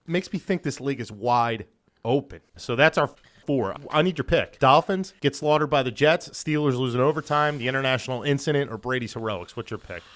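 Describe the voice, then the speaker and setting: Man, podcast co-host, casual sports chat, brash, excitable, cusses a lot. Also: medium pitch, brisk. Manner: brash, excitable, swears freely.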